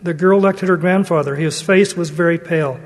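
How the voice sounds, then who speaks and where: A man gives an earnest sermon, his voice notably high for a man and his delivery measured. Each phrase trails off into the long reverb of a large hall. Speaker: religious speaker. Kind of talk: sermon with read-aloud story.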